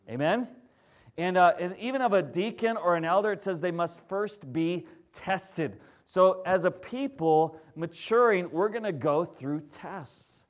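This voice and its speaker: A pastor preaches a sermon conversationally, often checking in with his listeners. He is animated and keeps a measured pace, swinging between loud emphasis and quiet, low stresses.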